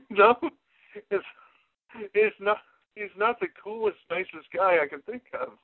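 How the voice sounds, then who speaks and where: A man with a slightly higher voice gives blunt, emphatic opinions in a casual podcast chat. The recording is dry and tinny, with a narrow, phone-like band. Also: takes it slowly, long pauses, no room sound. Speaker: podcast co-host.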